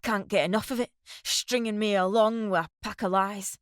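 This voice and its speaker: A woman voicing a jealous, furious sergeant husband who shouts coarse insults while short of breath. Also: medium pitch, moderate pace, no room sound, clean studio sound, lightly acted.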